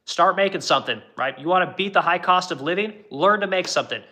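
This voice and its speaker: Middle-aged shop owner, rather high voice with a sharp, forceful edge, swears a lot and goes on rants to his stream viewers. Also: expressive, quick pace. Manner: blunt, profane, ranting. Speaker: furniture business owner. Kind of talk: livestream chat with viewers.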